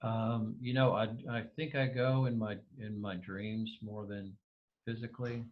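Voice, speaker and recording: A man's voice: on the low side, flat delivery, measured pace, dull audio. A man being interviewed over a video call, speaking hesitantly with many restarts and fillers. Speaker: interview guest.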